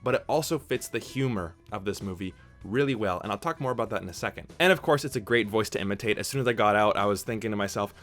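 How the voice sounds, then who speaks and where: A man's voice: on the low side, fast, a bit bright, soft background music. A young man hosting a casual movie review vlog, talking enthusiastically in an informal, chatty way. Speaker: movie reviewer, channel host.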